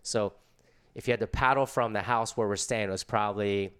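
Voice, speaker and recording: Laid-back lower-voiced surfer guy. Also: steady tone, brisk, a bit bright, clean tone. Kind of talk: casual storytelling.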